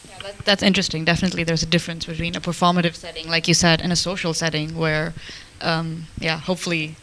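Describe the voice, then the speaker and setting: A woman moderating a seminar panel, soft-spoken and encouraging as she passes the word. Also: sits low, flat delivery, fast talker. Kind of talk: panel discussion.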